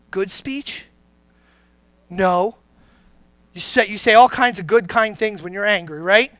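A pastor delivers a sermon at an unhurried pace, teasing the congregation with questions and jokes before sinking into low, grave emphasis. The voice is bright, and the recording is dry and close. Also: dry recording. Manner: conversational, joking, then drops low and grave.

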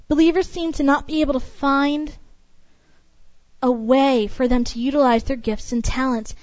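A woman's voice: high-pitched, fairly even intonation, normal speed, a little mellow, no room sound, muffled recording. A woman preaching a sermon in an emphatic, repetitive cadence.

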